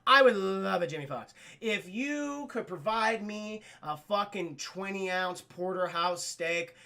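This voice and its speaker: A man streaming a casual spoiler film review, rambling and swearing as he keeps talking to his chat, tipsy and animated, from a home streaming setup. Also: high voice, measured pace. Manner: half-drunk, animated storytelling.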